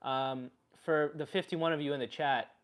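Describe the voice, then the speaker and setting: A blunt, crude older Slavic uncle, as a comedian puts him on with a thick Russian accent and a flat deadpan delivery. His voice sits fairly high for a man, and he reads viewer names aloud in a live comedy stream. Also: normal speed, clear, resonant tone, lightly acted. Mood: upbeat. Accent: put-on Russian accent.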